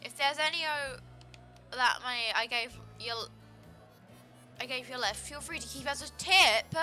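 A woman's voice: high-pitched, big pitch swings, fast talker, sharp tone, soft background music, heavily acted. A woman putting on a folksy old man with an odd accent. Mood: hearty. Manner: hearty, drawling, calls the listener kid. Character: folksy old man gym leader, boastful seafood lover. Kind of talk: gameplay voice-over of game dialogue.

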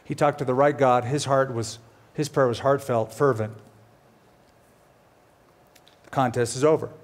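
A middle-aged man preaching a sermon, telling a story with lively, animated delivery and acting out quoted characters. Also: fairly quick. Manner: animated storytelling, voices quoted characters with big pitch swings. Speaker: pastor.

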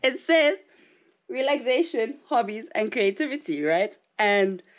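A South African woman vlogs to camera in casual chat, excitable and rambling, often breaking into laughter. Her voice is fairly high and her pace a little slow.

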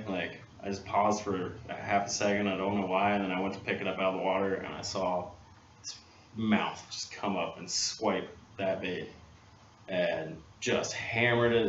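A man, a guest angler, telling a fishing story in casual, animated talk in a workshop. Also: lowish voice. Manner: animated storyteller, acts out others' lines. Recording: roomy, dull, distant mic, faint hiss.

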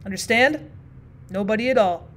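A woman's voice: on the high side, normal speed, a little hiss or hum, lightly acted. A woman reading the lines of a hearty, self-assured older businessman in a bluff, jovial manner.

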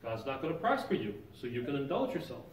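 A man's voice: medium pitch, big pitch swings, fast talker, slight background noise. A man teaching an informal Bible lesson in a church sanctuary, talking conversationally and quizzing his class with questions. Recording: roomy echo, picked up from a distance.

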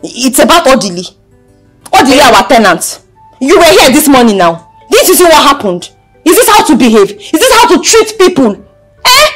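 A woman's voice: high-pitched, very animated, normal speed, soft background music. A young woman with a Nigerian accent playing an indignant daughter who pushes her point with rhetorical questions. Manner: emphatic, fires off rhetorical questions.

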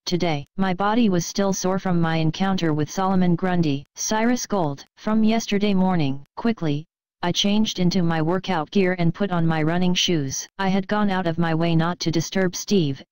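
A woman reading fan fiction aloud on a live stream in a steady, even delivery. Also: lowish voice, moderate pace, clear, resonant tone, dry recording, rough recording.

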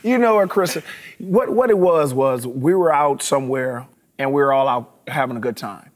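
A man as interview guest, telling a story in a relaxed, amused way. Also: mid-range voice, moderate pace.

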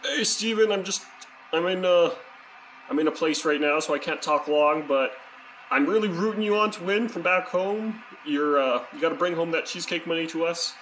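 Dude leaving a rambly deadpan video msg for his friend, lots of uhs, bit of hiss. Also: a little high, moderate pace, rough recording. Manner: rambling, deadpan joking with fillers. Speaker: friend sending a video message. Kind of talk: joking video message.

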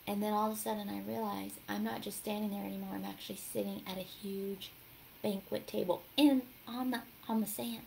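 A woman hosting a casual devotional talk, telling her story in an animated way and acting out the voices in it. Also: medium pitch, a little fast, vocal fry, slight background noise, low-quality recording. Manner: animated storytelling, acts out quotes. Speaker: devotional host.

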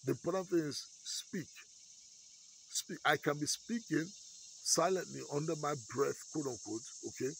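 A man's voice: a little high, normal speed, vocal fry, fairly bright tone, a little hiss or hum, poor audio. A man preaching a sermon as pastor, in a conversational way, often checking in with his listeners. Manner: conversational preaching with frequent "okay?" check-ins.

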